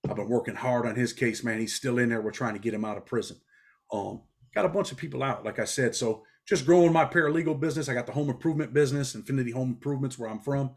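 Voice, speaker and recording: A man's voice: mid-range voice, quick pace. A middle-aged man from New York, a former prisoner talking bluntly in a casual interview. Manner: blunt, street-talking, animated storytelling.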